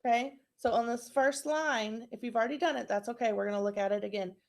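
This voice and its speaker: A woman's voice: a little high, fast talker. A woman teacher giving a recorded phonics lesson to young children, spelling words out letter by letter and clapping out syllables.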